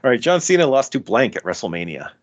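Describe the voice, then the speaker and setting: A man running a quiz show whose voice rises and falls as he reads out each question. He keeps a quick, amused pace as he marks the answers correct. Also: mid-range voice, very animated. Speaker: quiz host. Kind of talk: reading trivia questions, podcast.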